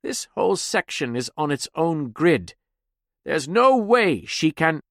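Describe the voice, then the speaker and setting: Defensive older man, as the narrator plays him; gruff, plain. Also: on the high side, sing-song, slow pace, a bit bright, no room sound, studio quality, pitched above the performer's own voice, full character voice.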